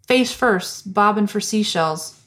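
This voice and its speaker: A woman hosting a podcast in casual chat, animated and profane, laughing often and acting out lines. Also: mid-range voice, slow. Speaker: podcast host.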